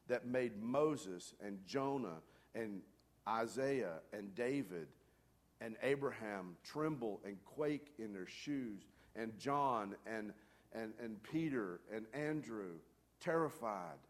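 A pastor preaching a sermon to his congregation with emphatic delivery, swinging from loud calls down to hushed near-whispers and asking the room direct questions. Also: lowish voice, lively intonation, takes it slowly.

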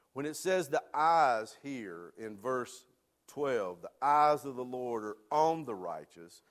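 A man preaching a sermon as pastor, questioning the congregation, animated, rising to emphatic peaks and dropping to soft asides. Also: mid-range voice.

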